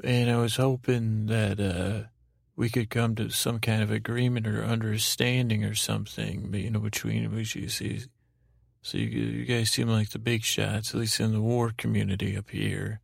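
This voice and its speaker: A man with a very gravelly, creaky voice drifts through an improvised bedtime story, stumbling over words and circling back. The recording is close and dry, with no room sound. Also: little pitch movement, no room sound. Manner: meandering, halting, lots of fillers and restarts; drowsy, low-key storytelling. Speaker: podcast host. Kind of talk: rambling improvised sleep story.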